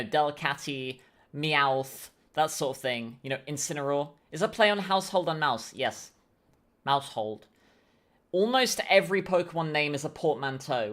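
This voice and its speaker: Low-voiced woman streamer chatting. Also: fairly bright tone. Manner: chatty, thinking aloud. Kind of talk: casual game commentary.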